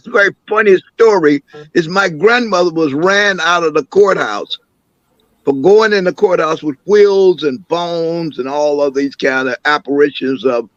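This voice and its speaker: An older man, an imam and councilman, recounting family memories as an interview guest with an animated, storytelling manner. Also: fairly high pitch, no room sound, muffled recording. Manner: animated storyteller, acts out quoted voices.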